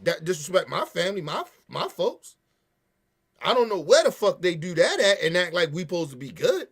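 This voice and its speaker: A man's voice: high voice, sing-song, normal speed, husky. A man rants through heated, profane commentary. He talks emphatically and animatedly, hammering his points again and again. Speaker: podcast host.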